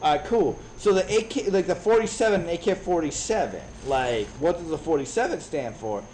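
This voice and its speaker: High-voiced 30s guy from chicago ranting and cussing, swings all over, faint room hum. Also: fairly quick, rough recording. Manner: profane, animated storytelling. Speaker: streamer. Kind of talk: casual rant while gaming.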